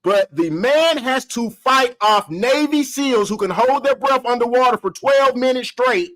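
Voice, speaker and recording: A smug relationship-guru type, as a man puts him on, lecturing women in a calm, superior drawl. it comes out lower and quieter than the man's own high voice, slow and measured, with only now and then a sudden jump upward. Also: full character voice, low-quality recording. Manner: calm, condescending, mock-serious lecturing. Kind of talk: comedic impression.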